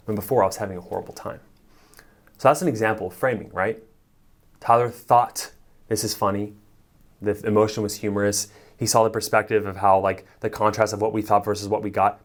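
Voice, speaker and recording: A man coaching on relationships, telling stories casually and animatedly, often adding "like" and "right?" and chuckling as he talks. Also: lowish voice. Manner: animated storyteller, frequent "like" and "right?", chuckles while talking. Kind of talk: casual advice monologue to the camera.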